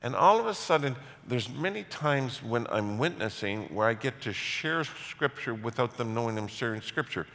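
Middle-aged male pastor, animated storyteller, lively pitch, big reverberant church hall. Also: normal speed, hardly any pauses. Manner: animated storytelling with self-mocking humor. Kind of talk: sermon.

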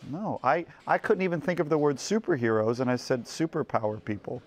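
A man's voice: fairly high pitch, lively intonation, fairly quick. A man, an actor, chatting casually and joking at his own expense in an interview. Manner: self-deprecating, casual.

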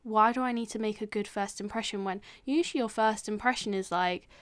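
A woman's voice: mid-range voice, brisk. A young woman co-hosting a podcast, rambling and giggling through casual chat with many fillers. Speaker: podcast co-host.

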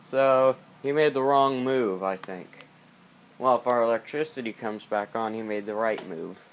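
A man's voice: mid-range voice, a little slow, a little hiss or hum. A man talking in a rambling, joking way in a casual late-night vlog, recorded on a tablet's built-in mic at home during a power outage. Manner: rambling, jokey, repeats himself. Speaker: vlogger. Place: dark house during power outage, indoors.

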